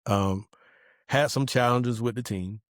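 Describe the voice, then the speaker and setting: A man's voice: mid-range voice, a little slow, no echo, clean studio sound. A man, a podcast guest telling a personal testimony in casual conversation, earnest and acting out the dialogue he quotes.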